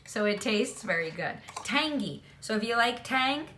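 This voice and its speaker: A chatty woman walks through a home cooking demo at an unhurried pace, her voice bright and forward. She keeps checking in with the viewer as she goes. The sound is roomy, bouncing around her kitchen. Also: a little high, expressive, a little hiss or hum. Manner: chatty, often checks in with "okay?". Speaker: home cook.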